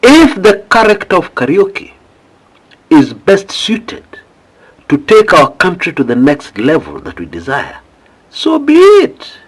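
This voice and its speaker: A man's voice: a little high, big pitch swings, a little slow, slightly rough. A man with a Kenyan accent giving impassioned political commentary, pleading with his listeners and firing off rhetorical questions.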